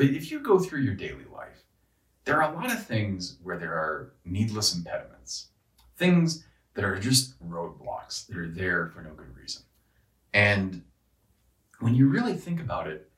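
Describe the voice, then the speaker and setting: A man's voice: deep voice, a bit bright, reverberant, far from the mic, rough recording. A man ranting casually and profanely, exasperated and rambling, often restarting his sentences. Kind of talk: casual rant.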